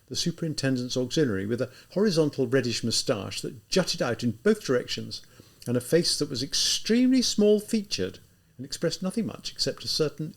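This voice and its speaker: A man narrating a classic novel as an audiobook, in an expressive storytelling manner. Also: medium pitch, vocal fry.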